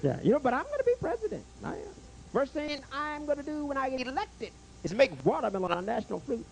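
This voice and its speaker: A man doing a stand-up comedy set in a club, jokey and animated, stammering through restarts and bantering with the crowd and the waiter. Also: very high voice, fast, vocal fry, a little hiss or hum.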